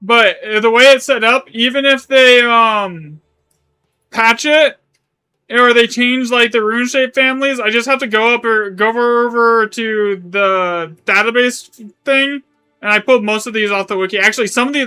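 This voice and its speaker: A man's voice: very high voice, moderate pace, pushed and bright, clean tone, soft background music. A man streaming a game live, chatting casually in a rambling way, correcting himself as he goes and swearing now and then. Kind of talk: live gaming stream chat.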